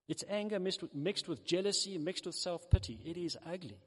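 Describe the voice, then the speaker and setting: A man with a high voice delivers a sermon. He tells a parable with animated storytelling and slips into the characters' voices. His words echo with the long reverb of a large hall. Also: fairly quick, hardly any pauses. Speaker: preacher.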